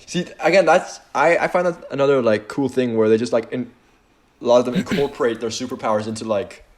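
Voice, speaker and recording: A man's voice: mid-range voice, brisk, a little hiss or hum. A young man co-hosting a podcast in casual chat, joking around and giggling often. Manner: joking, giggly, lively up-and-down delivery. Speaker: podcast co-host.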